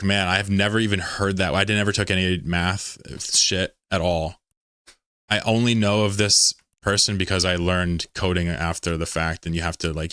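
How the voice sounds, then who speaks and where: A man's voice: low voice, pushed and bright, dry recording, studio quality. A man from Pennsylvania, streaming a game and chatting with viewers in a rambling, joking way, swearing freely. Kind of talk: casual live-stream chat while gaming.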